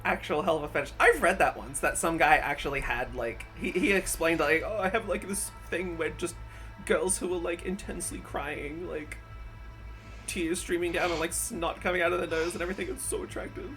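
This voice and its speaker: A woman's voice: lowish voice, brisk, a bit bright, faint music behind. A woman streamer reacting casually to videos, blunt and profane, who often laughs and exclaims. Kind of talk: casual live-stream commentary.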